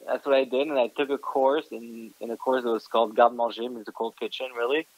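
Man, 30s, American accent, chef guest, halting, many restarts, dry sound. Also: mid-range voice, level tone, no room sound, poor audio. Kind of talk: casual interview answers.

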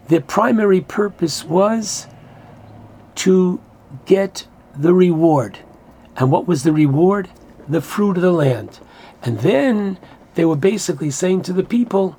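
A man's voice: high-pitched, lively intonation, slow pace, mellow, husky. A man teaching a Torah class, earnestly explaining verses, quoting Hebrew and translating as he goes.

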